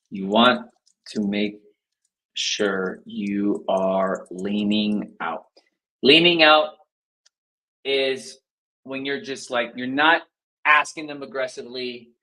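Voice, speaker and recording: A man's voice: mid-range voice, sharp tone, low-quality recording. A man coaching viewers live on a stream, speaking energetically, addressing them directly and acting out phone scripts to show tone of voice. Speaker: sales coach. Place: indoor livestream.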